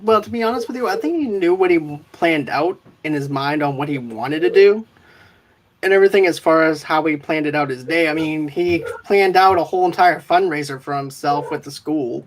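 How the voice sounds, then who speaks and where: A man's voice: on the high side, fairly quick. A man hosting a podcast, chatting casually about a movie and retelling scenes in a rambling way with filler phrases. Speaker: podcast host. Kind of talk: casual movie review chat.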